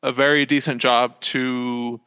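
A young man, a small business owner talking from home as a podcast guest, in a halting, rambling way full of fillers and self-corrections. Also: medium pitch, flat delivery, sharp tone, clean tone, in a large hall. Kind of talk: casual interview chat. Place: small room at home with a loft bed.

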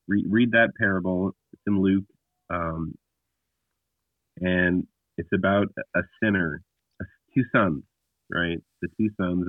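A man's voice: deep voice, no room sound. A man, a podcast guest, talking bluntly and emphatically about scripture in a casual discussion with frequent restarts. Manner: blunt, emphatic storyteller who often restarts. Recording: tinny phone-like line.

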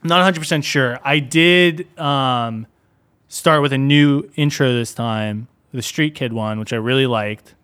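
A man's voice: mid-range voice, a little slow, clean tone. Laid-back young man, rambling gamer chat. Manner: relaxed, rambling, lots of "like" and "dude". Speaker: podcast co-host. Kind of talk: casual chat.

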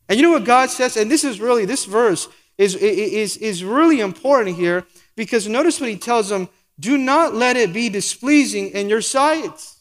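A man's voice: high voice, fairly bright tone, long reverb tail. A man preaching a sermon as pastor, asking the congregation rhetorical questions and acting out quoted lines.

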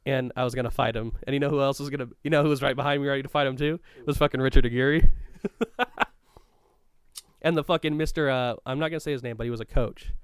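A co-host reminisces about his school days in casual chat, rambling and profane, laughing often and pausing to look things up mid-talk. His medium-pitched voice is smooth and fairly even, moving at a quick pace, with no room sound.

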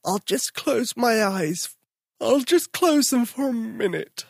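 A young boy with a small, high voice, shy and quick to stammer, as a storyteller puts him on. The pitch swings around a lot, and the recording is dry and close. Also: lively intonation, creaky, slightly rough, no echo, heavily acted. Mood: sleepy. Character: young boy Tom, timid but curious.

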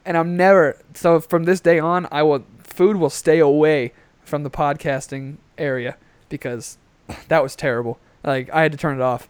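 A man's voice: on the high side, moderate pace, hardly any pauses, clear, resonant tone, no room sound. A young man co-hosting a podcast, chatting casually and ranting with plenty of swearing, recorded on a headset. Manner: ranting, profane, animated. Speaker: podcast co-host.

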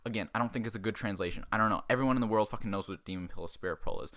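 Crude sarcastic low-voiced man recapping. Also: a bit bright. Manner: crude, sarcastic, acts out characters in quick asides. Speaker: podcast host. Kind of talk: profane comic film recap.

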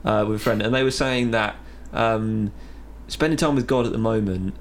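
A man's voice: fairly low pitch, moderate pace, slight background noise. A young man hosting a podcast, chatting easily about faith and often laughing. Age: young adult. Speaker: podcast host. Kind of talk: casual chat on faith.

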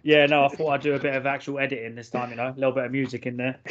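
A man's voice: mid-range voice, flat delivery, very fast, dull audio, a little hiss or hum. A man co-hosting a casual podcast, joking sardonically and swearing freely. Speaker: podcast co-host.

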